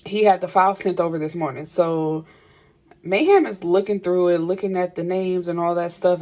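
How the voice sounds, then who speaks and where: Low-voiced woman recapping a book casually, laughs and cusses a lot. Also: darkish tone. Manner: chatty, laughing, cursing freely. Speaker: book reviewer.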